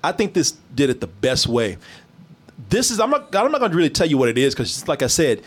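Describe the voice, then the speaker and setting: A man hosting a casual chat, animated, swearing freely and laughing often. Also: on the high side, quick pace, slightly rough.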